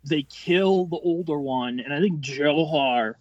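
A young man in his late twenties rambles through an anecdote, swearing freely and restarting his sentences as he builds the tale. His voice sits a bit higher than most men's. The recording is dry and slightly dull, with a lo-fi podcast sound. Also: dry recording. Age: 20s. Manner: profane, rambling, quick-tempered delivery. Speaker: podcast guest. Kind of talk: casual storytelling.

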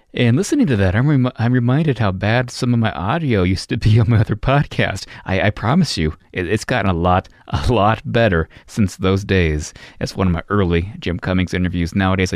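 A man's voice: low voice, dry recording, clean studio sound. A man hosting a podcast in a chatty, casual way, plugging his other show. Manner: chatty and self-promoting. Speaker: podcast host.

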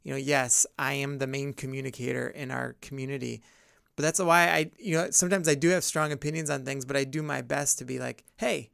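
Gravelly, smooth-voiced man chatting earnestly. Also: medium pitch, brisk, fairly bright tone, no echo, studio quality. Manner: rambling, earnest, many fillers and restarts. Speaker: podcast host and pastor. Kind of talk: casual podcast discussion.

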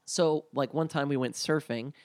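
A man in a casual podcast chat, telling long stories about his mother, full of "like" fillers and lively when he quotes people. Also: fairly high pitch, moderate pace, no echo, clean studio sound. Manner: rambling, lots of "like" fillers, animated when quoting people.

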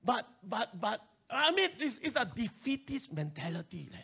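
A male pastor with a Singaporean English accent, preaching an animated sermon and urging his listeners to respond. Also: very high voice, moderate pace, gravelly, breathy edge.

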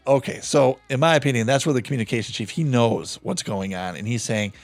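A man hosting a podcast, retelling a true-crime case in a loose, animated, profane way. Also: medium pitch, fairly quick, few pauses, dry recording, faint music behind. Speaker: podcast host. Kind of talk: casual true-crime storytelling.

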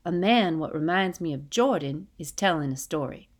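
Woman narrator, gentle storybook reading, hushed in places, lowish voice. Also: animated, normal speed. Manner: gentle, dialect-inflected storytelling with quiet hushed passages. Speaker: audiobook narrator. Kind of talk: scripted storybook narration in first person.

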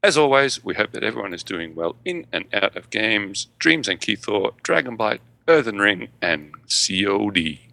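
A man's voice: on the low side, sing-song, moderate pace, creaky, few pauses, bright, forceful tone. A man co-hosting a gaming podcast, reading a listener email aloud with a jokey manner. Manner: jokey, tries silly accents. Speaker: podcast co-host.

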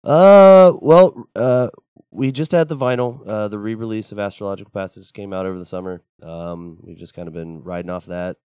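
A man's voice: fairly low pitch, moderate pace, darkish tone, smooth, no echo. A man who plays in a band, chatting casually as an in-studio guest, laid-back and rambling, with lots of fillers and some swearing. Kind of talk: casual interview chat.

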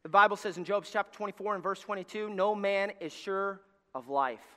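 A middle-aged male pastor preaching a sermon, telling stories and swinging between shouted lines and hushed, soft passages. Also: high voice, fairly quick. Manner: storytelling preacher, swings from shouting to near-whispers. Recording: long hall reverb.

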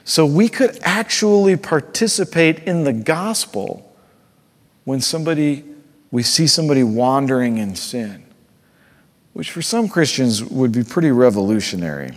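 A man preaches with earnest conviction, his voice sinking low and quiet before climbing to a fervent, insistent peak. His pitch sits in an ordinary middle register. A long reverb trails each phrase, as if he is in a large hall. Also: expressive, normal speed. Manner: earnest, swings from hushed to fervent. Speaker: pastor. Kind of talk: sermon.

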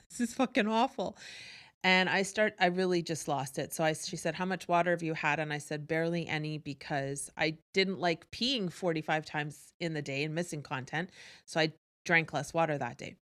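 A woman telling a personal story in a candid, energetic way, swearing freely. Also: fairly low pitch. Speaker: host. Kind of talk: casual storytelling to an audience.

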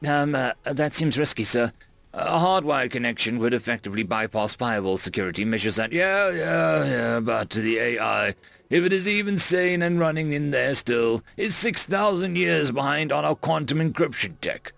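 A man's voice: mid-range voice, animated, moderate pace, vocal fry, a bit bright, no room sound. A man voicing a nervous, stammering IT tech aboard a starship. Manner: stammering, hesitant.

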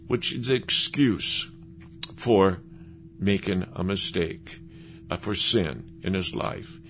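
A man preaching a sermon, lively and animated, acting out the voices of the people he quotes. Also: fairly low pitch, a little hiss or hum.

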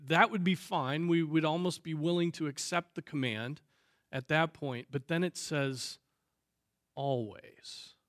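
A man leading a Bible discussion, thinking aloud at a measured pace with frequent fillers. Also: on the high side, dry recording, studio quality. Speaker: Bible teacher. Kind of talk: teaching discussion on Scripture.

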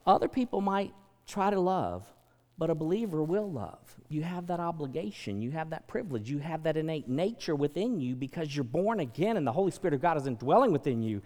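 A male pastor preaching with a lively, swooping delivery, his voice sitting a little high for a man. He moves between hushed asides and loud, emphatic declarations. The sound carries a long reverb, as if from a large church sanctuary. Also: fairly quick. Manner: animated preaching, swings from soft to loud. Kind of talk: sermon.

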